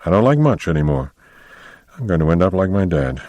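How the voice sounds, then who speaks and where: A man's voice: low-pitched, big pitch swings, brisk, a little mellow, no echo, dull audio. A man reading a novel aloud, voicing a rueful, self-mocking working man full of regrets. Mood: regretful.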